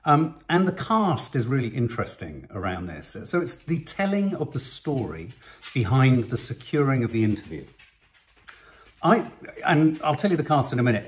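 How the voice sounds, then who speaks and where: A man in middle age talking casually through a film trailer as co-host. His voice rises and falls a lot, and he thinks out loud in a chatty, musing way. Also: medium pitch. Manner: chatty, musing, lively delivery. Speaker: co-host of film reaction channel. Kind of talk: casual chat.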